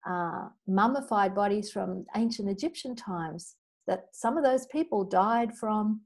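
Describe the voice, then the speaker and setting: A middle-aged woman with a mellow, warm, medium-pitched voice leads a healing class. She teaches in an earnest, chatty way, sharing personal stories, and now and then rattles off a long recited clearing formula at speed.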